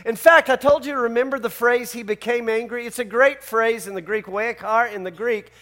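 A man's voice: very high voice, fairly even intonation, brisk, a bit bright. A man preaching a sermon as pastor, conversational and emphatic, full of rhetorical questions to his church.

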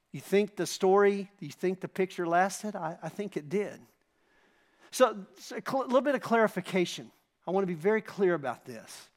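A pastor preaching a sermon, emphatic and dramatic as he retells scripture and asks the congregation rhetorical questions. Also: a little high.

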